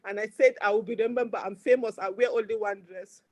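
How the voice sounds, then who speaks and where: A woman's voice: mid-range voice, steady tone, a little fast, darkish tone, no room sound. A Nigerian woman in her forties with a Nigerian accent, giving an impassioned speech at a fundraiser in fervent, repetitive bursts. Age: 40s. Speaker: speaker at a campaign fundraiser.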